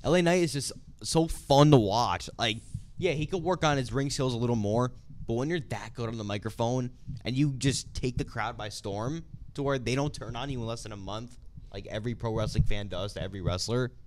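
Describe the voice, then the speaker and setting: Brisk and mid-range, the voice belongs to a young male co-host of a wrestling talk show. In casual chat, he brings an eager, opinionated energy and animated storytelling.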